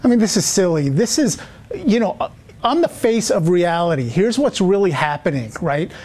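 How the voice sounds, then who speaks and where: A man's voice: sits high, sing-song, moderate pace, a little mellow. A man speaking as a guest on a news interview, earnest and frustrated. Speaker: interview guest, grieving father.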